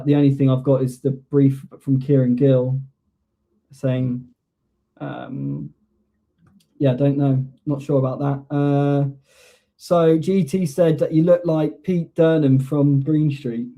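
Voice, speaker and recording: A man's voice: mid-range voice, level tone, unhurried, dark tone. A man hosting a casual fan live stream, chatting easily and reading out viewer comments. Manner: easygoing, reads out viewer comments. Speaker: host of a fan show.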